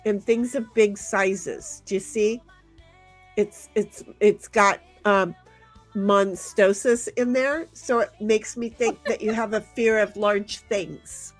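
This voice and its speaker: A woman's voice: medium pitch, fairly even intonation, slow pace, faint music behind. A woman hosting a casual game stream, chatting and reading viewers' messages aloud, laughing often. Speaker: stream host.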